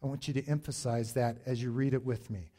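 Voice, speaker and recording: A middle-aged male pastor preaching a sermon in a slow, deliberate way, pausing for emphasis. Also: mid-range voice, steady tone, warm tone.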